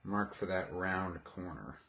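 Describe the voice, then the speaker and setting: While building something on a livestream, a man chats casually, wandering off topic and making self-mocking asides in a rambling way. His voice sits low and is creaky and sharp, and he takes it slowly.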